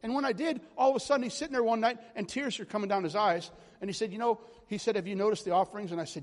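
The recording's long hall reverb surrounds a high-voiced preacher who races through his charismatic sermon with barely a pause. He's a lively, meandering storyteller who keeps addressing the congregation directly.

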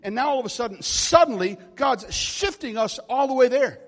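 Middle-aged male preacher with a high voice, impassioned sermon storytelling, long hall reverb. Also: expressive, normal speed. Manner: impassioned storytelling, acting out dialogue with God.

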